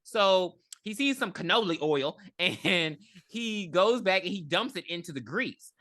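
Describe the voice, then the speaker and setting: A woman's voice: lowish voice, unhurried, no room sound. A woman co-hosting a podcast, chatting casually as she retells a film's plot, acting out characters' lines with laughter. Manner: animated retelling with voiced quotes and laughs. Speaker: podcast co-host. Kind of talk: casual movie review chat.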